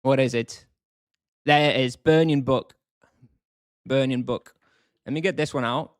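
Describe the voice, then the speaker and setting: A man in a casual live-stream, talking his way through a game and answering his chat. His voice sits at an ordinary middle pitch. The sound is dry and close, with no room around it. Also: fairly even intonation, unhurried, no echo. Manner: thinks aloud, chatty, answers chat.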